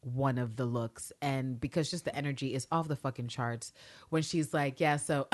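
A woman's voice: rumbling low, moderate pace. A woman co-hosting a podcast, recapping a TV episode in casual, profane chat and acting out the lines. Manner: animated, profane, acts out quotes. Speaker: podcast co-host.

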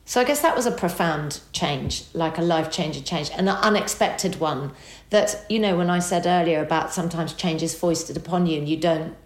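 A woman's voice: deep voice, normal speed, few pauses. A woman, a guest telling a personal story in conversation and acting out the lines people said to her. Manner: expressive, acts out remembered dialogue. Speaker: interview guest. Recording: roomy echo.

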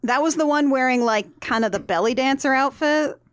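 A woman co-hosting a casual movie recap podcast, talking in an animated way and hamming up quoted lines in big mock voices. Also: sits high, moderate pace. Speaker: podcast co-host.

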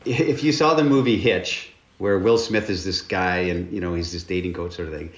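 A man's voice: low-pitched, normal speed. A man, a guest author, telling stories candidly and earnestly in an interview. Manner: earnest, candid, with repeated words. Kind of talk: conversational interview storytelling. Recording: roomy, dull-sounding recording.

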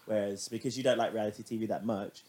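Give me a fast, chatty man with an animated podcast manner. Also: fairly low pitch. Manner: chatty, swears freely, animated storytelling. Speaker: podcast co-host. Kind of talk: casual chat.

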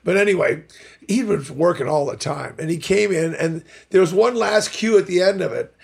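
A man's voice: high voice, normal speed, gravelly, husky. An older man, a voice actor guest, chatting animatedly in an interview and acting out the people in his stories. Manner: animated storyteller, acts out quotes, opinionated. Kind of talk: casual interview chat.

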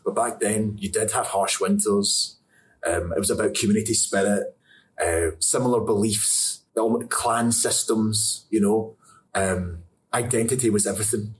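Low-voiced Scottish man, chatty and laughing. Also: steady tone, unhurried, slight background noise. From Scotland. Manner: chatty, rambling, laughs often. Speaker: actor interviewee. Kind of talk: casual interview answers. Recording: distant mic with faint ambience.

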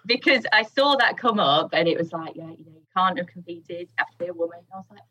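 Woman guest, chatty and easygoing, husky lower voice, dull lo-fi recording. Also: lively intonation, fast talker, pushed and bright. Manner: chatty, laughs often, many fillers. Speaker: podcast guest, TV presenter. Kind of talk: casual chat.

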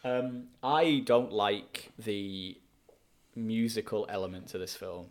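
A man co-hosting a casual film review podcast, chatty and quick to laugh, with frequent asides. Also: on the low side. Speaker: podcast co-host.

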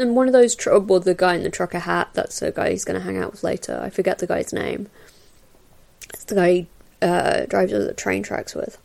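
A woman's voice: mid-range voice, fairly even intonation, moderate pace, gravelly, a little mellow. A woman hosting a casual film commentary, chatting in a meandering way with lots of fillers and little laughs. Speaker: podcast host doing a film commentary. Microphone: new podcast mic.

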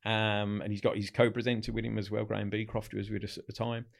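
A man telling anecdotes in a casual interview, acting out what others said in quick bits of dialogue. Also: lowish voice, level tone, creaky. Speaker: podcast guest.

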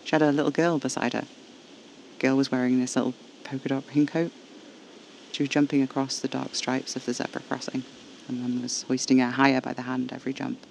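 Man, first-person horror narration, gravelly voice, flat intonation, hushed and intimate. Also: mid-range voice, brisk, slight background noise, low-quality recording.

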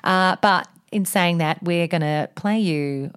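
A middle-aged woman, co-hosting a podcast in casual chat, incredulous, sweary and quick to laugh. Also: lowish voice, clear, resonant tone. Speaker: podcast co-host.

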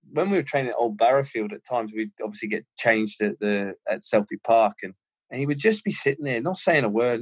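An Australian man, a former footballer, telling animated anecdotes as a guest in a casual interview, often laughing. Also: medium pitch, husky.

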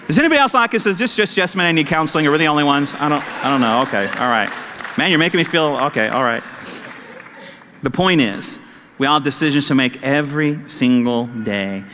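A man preaching a sermon as pastor, animated and acting out conversations with his wife. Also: fairly high pitch, fast talker, in a large hall, slight background noise.

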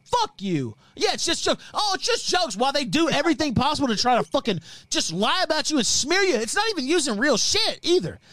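A man with a strikingly high voice hosts a livestream and rants in fury, swearing and threatening constantly. His voice sits close and dry, with no room around it. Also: very animated, fairly quick, few pauses, dry recording. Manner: profane, threatening, heated and loud. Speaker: livestream host. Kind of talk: angry livestream rant.

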